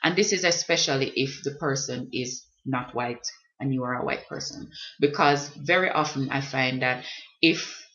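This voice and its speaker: A woman's voice: a bass voice, moderate pace, a bit bright. A woman, speaking earnestly and directly to the listener in a reflective personal vlog. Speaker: blogger and vlogger. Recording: dull lo-fi recording.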